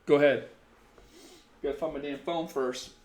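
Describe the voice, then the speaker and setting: A man's voice: on the high side, steady tone, moderate pace, darkish tone. A tired young man hosting a casual live stream, giving blunt, profane dating advice and chatting with viewers in a rambling way.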